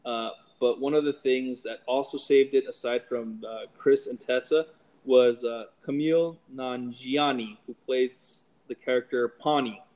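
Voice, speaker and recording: In a casual movie review chat, this male podcast co-host speaks unhurriedly in a mid-range, darkish voice with a steady tone. He frequently pauses and repeats words while working out what to say. The recording is rough.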